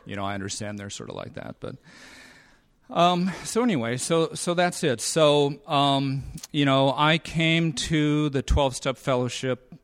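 A man in his fifties sharing his recovery story at a convention, halting with many fillers and a dry, sarcastic humor. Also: on the high side, clear, resonant tone, dry recording. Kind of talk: personal talk at a convention. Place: convention meeting room.

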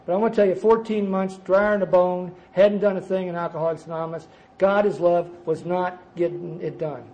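A man's voice: high voice, fairly even intonation, a little fast, highs cut off. Emphatic older man telling his story. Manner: emphatic storyteller, swinging between loud bursts and quiet asides. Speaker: speaker at a recovery conference. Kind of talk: personal recovery testimony. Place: conference gathering before a live audience.

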